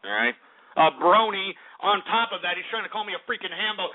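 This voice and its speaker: Angry high-voiced male radio host. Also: lively intonation, a little fast. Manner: angry, insulting, swears at callers. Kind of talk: call-in radio rant. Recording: phone-like lo-fi radio.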